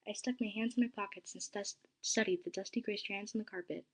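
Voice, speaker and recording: A woman reads a first-person story aloud, soft and dramatic, with some passages sinking to a hush. Her voice is breathy and airy, at a middle pitch. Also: fairly even intonation, brisk, rough recording.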